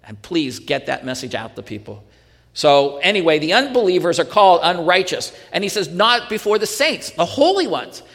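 Pastor guy preaching, voice a bit high, lots of do-you-not-know questions, long church echo. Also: big pitch swings, moderate pace, a bit bright. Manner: earnest teaching with rhetorical questions and restarts. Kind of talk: sermon.

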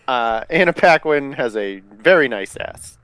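A man's voice: medium pitch, animated, a little slow, fairly bright tone, clear, resonant tone, dry recording. A man co-hosting a podcast, chatting casually with blunt, crude jokes. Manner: jokey, blunt, crude humor. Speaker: podcast co-host. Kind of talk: casual chat.

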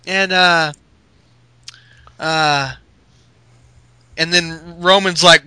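A man's voice: on the high side, normal speed, sharp tone, clean tone, no room sound, low-quality recording. A man co-hosting a podcast, rambling through a wrestling recap in casual, profane chat. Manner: rambling storyteller acting out quotes, profane. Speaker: podcast co-host.

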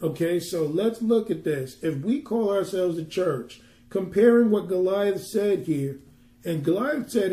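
High-voiced preacher man, echoey room. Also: animated, unhurried, mellow. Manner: conversational preaching, building to emphatic rhetorical questions. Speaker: minister. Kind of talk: teaching sermon on a Bible passage.

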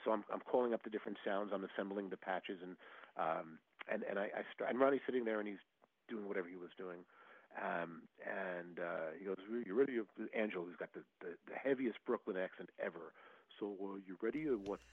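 Older man, animated storyteller, husky voice, dull lo-fi sound. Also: low-pitched, fairly quick, dry recording. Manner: animated storyteller, acts out quotes, frequent restarts. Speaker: guest musician. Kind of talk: casual storytelling interview. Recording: dull lo-fi audio.

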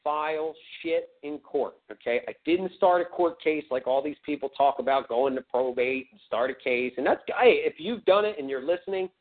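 A man on a community call tells his story in a blunt, emphatic way and swears often. His voice sits fairly high. It comes through a thin, tinny phone line. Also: normal speed, hardly any pauses. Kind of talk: casual storytelling.

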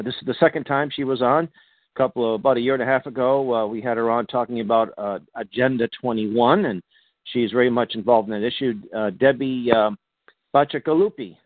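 A Boston-raised talk radio host, middle-pitched and a little fast, rambles through his announcements with plenty of fillers and false starts. The sound is dry and narrow, like a phone line.

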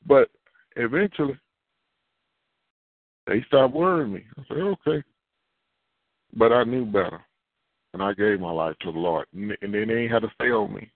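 A man's voice: on the low side, normal speed, pauses often, dry recording. Man pastor, casual sermon, acts out voices, dry tinny phone sound. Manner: animated, acts out dialogue, repeats himself. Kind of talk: preaching sermon.

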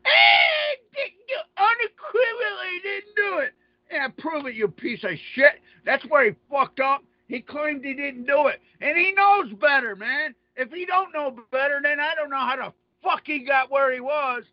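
Male radio host, very high voice, combative profane ranter, lo-fi sound. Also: moderate pace, few pauses, no room sound. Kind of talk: ranting monologue. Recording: dull lo-fi dry audio.

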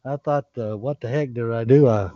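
A man sharing earnest testimony and prayer on a group call, fervent and excitable. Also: medium pitch, moderate pace, no echo. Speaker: call participant. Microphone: online group call. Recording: dull lo-fi call audio.

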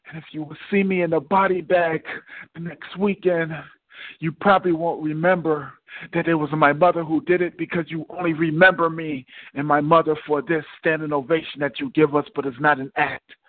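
A man's voice: fairly high pitch, flat delivery, normal speed, no room sound. Male spoken word poet, dramatic recitation, dry sound, tinny phone line. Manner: hesitant, soft-spoken chat before reading; dramatic, rising, impassioned recitation. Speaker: guest poet. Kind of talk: spoken word poetry performance.

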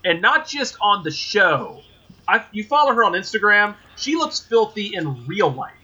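High, bright-voiced swearing podcast host. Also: male voice, moderate pace, slightly rough, muffled recording. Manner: animated, swearing, stammering restarts. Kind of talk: casual podcast chat.

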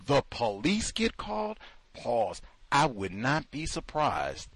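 A man's voice: mid-range voice, wildly swooping pitch, takes it slowly, fairly bright tone, no echo. A man hosting a talk show, delivering sarcastic, incredulous commentary full of rhetorical questions. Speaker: host.

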